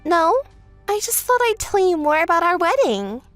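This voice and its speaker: Here is a pushy, bragging young bride in a texting story, as a woman puts her on. She talks in a high, shrill voice that swoops and whines. The read is dry and close, with soft music behind it. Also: big pitch swings, moderate pace, no echo, heavily acted. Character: spoiled, boastful young woman bride, whiny.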